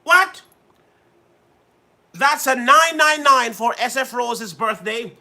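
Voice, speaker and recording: A man's voice: very high voice, lively intonation, slow, bright, forceful tone. A man hosting a livestream in playful, casual chat, repeating himself and laughing often. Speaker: livestream host.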